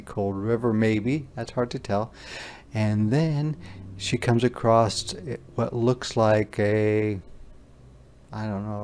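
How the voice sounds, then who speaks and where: A man teacher reading a picture book aloud to young children, slow and gentle, asking them questions as he goes. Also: on the low side, clear, resonant tone. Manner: slow, gentle, asks the listener questions, voices animal sounds.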